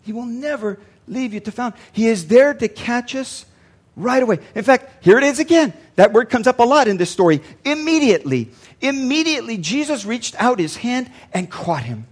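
A man's voice: extremely high pitch, sing-song, moderate pace. An older man, a pastor, preaching a sermon earnestly and repeating lines for emphasis.

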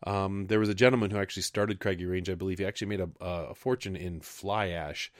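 Male podcast co-host, low-pitched, dry mic, loose rambling delivery. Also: steady tone, fast talker, dry recording. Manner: rambling, many restarts and fillers. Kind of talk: casual wine chat.

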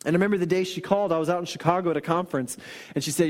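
A man delivers a sermon with a notably high voice. He tells stories animatedly and sinks into quiet earnest emphasis. His voice rings with long reverb from a large hall. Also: very fast. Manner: storytelling, shifts into quoted voices and soft emphatic lines. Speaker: pastor.

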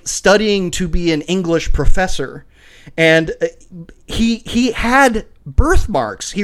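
Lively high-voiced man in casual chat. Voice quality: animated, laughs often, acts out voices in stories. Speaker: podcast co-host.

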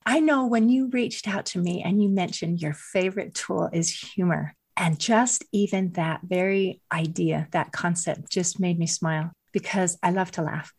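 A woman's voice: fairly low pitch, normal speed, few pauses, a little mellow, breathy edge. A woman hosting an interview, enthusiastic and affirming as she reflects on what her guest said. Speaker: host. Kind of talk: warm interview conversation.

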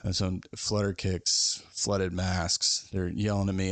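A man's voice: low voice, flat delivery, slow pace, hardly any pauses, fairly bright tone, no room sound. A man hosting a podcast, telling a story in a casual, rambling, self-mocking way with lots of fillers. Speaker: podcast host.

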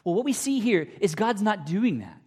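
A man preaching a sermon, emphatic and repetitive, swinging between loud declarations and near whispers. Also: high voice, big pitch swings, moderate pace, breathy edge. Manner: emphatic, repeats phrases, drops to near whispers. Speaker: pastor. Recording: long hall reverb.

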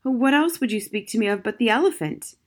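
A woman's voice: on the high side, expressive, brisk. A ragged, lonely magician behind bars, as a woman narrator voices him, a grown man at the end of his rope. He pleads and scoffs in a grand, theatrical way, and his lines rise above the narration. A storybook figure, bitter and heartbroken. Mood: suspicious. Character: desperate lonely male magician prisoner.

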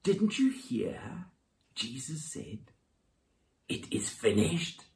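A preacher voicing Satan as a hushed, taunting whisperer, in a whispered role-play within a sermon. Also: mid-range voice, very animated, extremely slow, vocal fry, recorded from a distance, full character voice.

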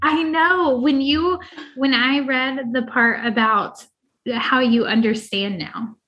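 A woman's voice: sits high, slow, fairly bright tone. A woman hosting a casual interview, encouraging her guest with brief responses. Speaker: host. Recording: dull lo-fi sound.

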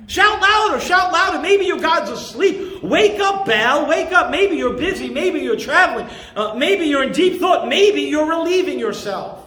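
A man preaching voices an adult male prophet, loud and mocking as he taunts his rivals. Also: extremely high pitch, animated, moderate pace, few pauses, reverberant, full character voice. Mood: taunting.

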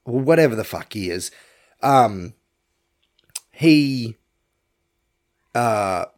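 A man's voice: medium pitch, expressive, drawn-out words. A man, hosting a podcast and rambling bluntly through a profane film review. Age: young adult to middle-aged. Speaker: podcast host. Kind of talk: casual film review rant.

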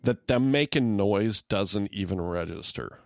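A middle-aged man co-hosts a podcast, laughing often in easygoing, rambling casual chat. His fairly low voice is expressive, unhurried, and creaky, with clean studio sound and no echo.

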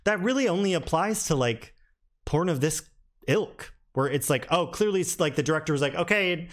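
A man's voice: fairly high pitch, expressive, moderate pace. A man giving a casual spoken film review, frank and rambling, with lots of restarts and a candidly critical, mildly exasperated tone.

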